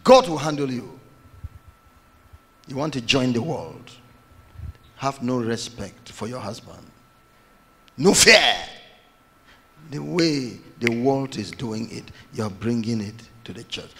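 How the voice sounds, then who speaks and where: A man's voice: medium pitch, lively intonation, a little slow, big-room sound, slight background noise. A man preaching a sermon as pastor, emphatic, repeating his phrases and acting out quotes.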